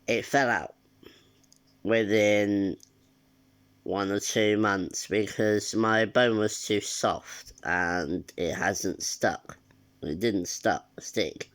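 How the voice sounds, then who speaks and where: A young man with a nasal voice talking casually to camera in a personal vlog, hesitant and pausing often. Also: fairly low pitch, a bit bright, smooth. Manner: hesitant, with frequent filler sounds and restarts. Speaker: vlogger.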